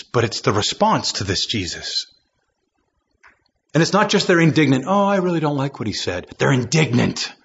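A man's voice: mid-range voice, husky, dull audio. A man preaching a sermon, reading scripture aloud and acting out quoted voices, building to impassioned emphasis.

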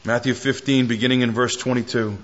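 A man preaching a sermon as pastor, reading scripture aloud, with dramatic rises and hushed drops. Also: mid-range voice, level tone, a little fast, muffled recording.

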